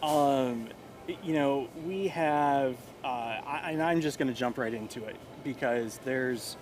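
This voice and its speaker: A man's voice: medium pitch, takes it slowly, slight background noise. A man hosting a local morning show, chatty and jokey, with rambling restarts. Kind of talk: casual chat.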